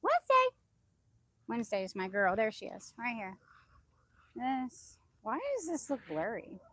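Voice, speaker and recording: A woman chatting casually on a phone live stream while walking through her backyard garden, rambling loosely and calling out high to her chickens. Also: a little slow, slight background noise. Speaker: vlogger. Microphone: phone held in hand.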